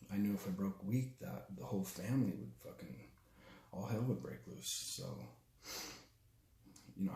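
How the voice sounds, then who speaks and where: A young man telling a personal story in a halting, raw way, full of restarts and swearing. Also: sits low, dark tone, reverberant. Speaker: storyteller recounting his father's death. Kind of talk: personal spoken testimony.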